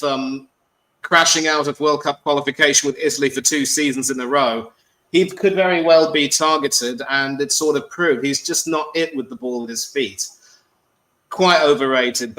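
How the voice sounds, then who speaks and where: A man calling into a football show, speaking in a measured, wordy way with lots of ums. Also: mid-range voice, fairly bright tone, low-quality recording. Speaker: caller. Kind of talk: articulate casual chat.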